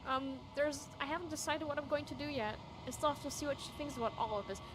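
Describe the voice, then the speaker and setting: A woman's voice: sits high, quick pace, background noise. A young woman streaming a game, emotional and reading the on-screen text aloud. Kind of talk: casual let's-play commentary. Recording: game music behind.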